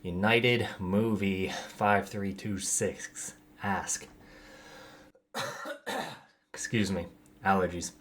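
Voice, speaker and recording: Male host, lowish voice, raspy and winded, casual unscripted Q&A, faint room noise behind. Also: fairly even intonation, very slow, long pauses, fairly bright tone. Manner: conversational, loose, reads out viewer questions. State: raspy, out of breath after gym. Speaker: channel host answering viewer questions. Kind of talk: casual Q&A monologue.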